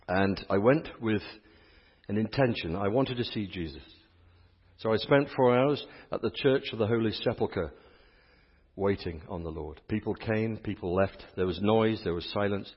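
This English-accented priest has a lowish, slightly rough voice, speaks at normal speed and pauses often. Preaching at a healing service in church, he's exuberant and chatty, calling out to the congregation for responses. The echoey hall makes the sound dull.

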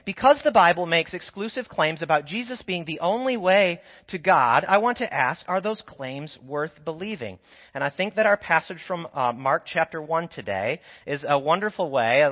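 A man with a sore throat delivers a conversational teaching sermon. His voice carries a long, lingering church reverb. The recording sounds dull and lo-fi. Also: fairly high pitch. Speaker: preacher. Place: church sanctuary.

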